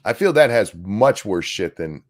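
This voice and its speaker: A man's voice: lowish voice, very animated, unhurried. A man co-hosting a casual comedy podcast, reading headlines aloud and mocking them sarcastically. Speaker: podcast co-host.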